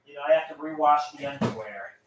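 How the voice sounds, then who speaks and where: A man rambles through a casual home livestream, tripping over his words with stammered restarts. His voice sits a bit high for a man. The sound is roomy, caught from some distance from the mic. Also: fast. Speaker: live streamer. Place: at home, doing laundry.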